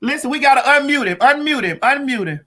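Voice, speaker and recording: Woman host, brash, profane, high bright voice, live stream over a video call. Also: animated, fast. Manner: loud, brash, cussing, hyping the audience. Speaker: show host.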